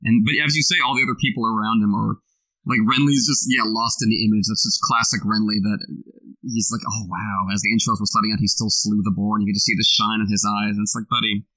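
A man co-hosting a podcast, discussing a book in a quick, analytical way with long run-on thoughts. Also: lowish voice, little pitch movement, bright, forceful tone, rough recording. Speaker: podcast co-host.

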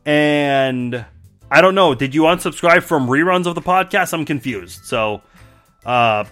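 A man's voice: fairly high pitch, expressive, a little slow, fairly bright tone, faint music behind. A man from Iran hosting a podcast, casually and wryly reacting to mean comments, with frequent filler words. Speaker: podcast host.

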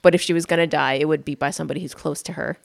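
Sarcastic young woman, lowish voice. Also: fairly even intonation, rapid-fire, gravelly, no room sound. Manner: sarcastic, dry asides. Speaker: podcast co-host. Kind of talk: casual chat recapping a TV episode.

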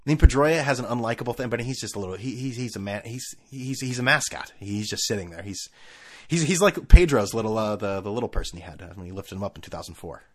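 A middle-aged man hosting a casual sports rant, animated and laughing, often mimicking people in funny voices. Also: lowish voice, fast.

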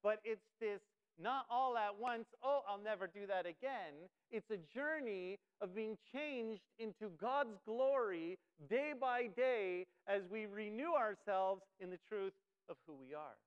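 Emphatic high-voiced male preacher. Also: slow, few pauses, clear, resonant tone, highs cut off. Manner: emphatic, acts out quotes. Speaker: pastor. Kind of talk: sermon.

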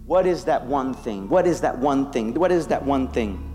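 A man preaching a sermon, animated and playful, acting out biblical voices for the congregation. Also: mid-range voice, moderate pace, in a large hall, faint music behind.

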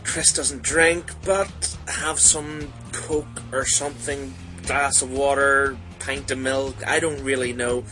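A man's voice: medium pitch, level tone, takes it slowly, few pauses, pushed and bright, faint music behind, rough recording. A man, a podcast co-host, giving a playful, theatrical recorded greeting with showman-like flourishes.

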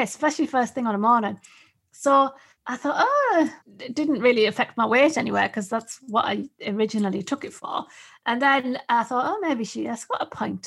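A woman's voice: on the high side, fairly bright tone, breathy edge. A woman in her fifties hosting a podcast and telling stories in a chatty way, laughing often. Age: 50s. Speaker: podcast host. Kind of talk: casual podcast chat.

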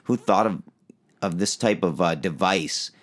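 Man, very low voice, podcast co-host, hesitant, lots of fillers. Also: measured pace. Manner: hesitant, many fillers and restarts. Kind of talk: casual chat.

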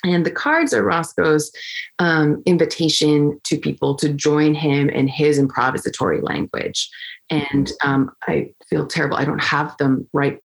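Low-voiced woman with a gravelly edge. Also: measured pace. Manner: chatty, full of fillers and restarts, animated when quoting. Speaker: flutist and interview guest. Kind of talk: casual conversational storytelling.

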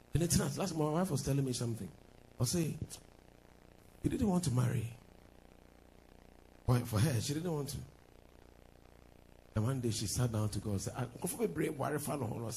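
A man's voice: mid-range voice, slight background noise. A man with a Ghanaian accent, a pastor preaching a sermon with sing-song lines and laughing asides, switching between English and Twi.

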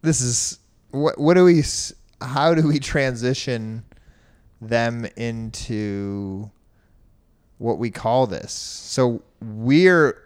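A man with a mid-pitched, everyday voice chats casually as a co-host. He sounds easygoing and laughs often, keeping the tone light. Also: very slow, clean tone. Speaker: podcast co-host. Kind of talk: casual chat.

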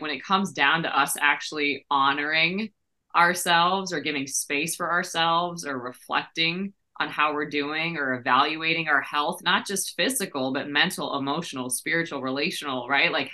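Woman, podcast host, low pitch, bright tone, animated, lots of "like" and "right?". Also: normal speed. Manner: animated, says "like" and "right?" a lot, playful vocal leaps. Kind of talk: conversational interview hosting.

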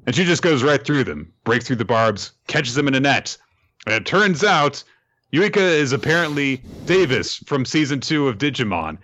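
A man's voice: medium pitch, big pitch swings, normal speed, fairly bright tone, dull audio. A man hosting a podcast, recapping a chapter in a casual, amused storytelling manner.

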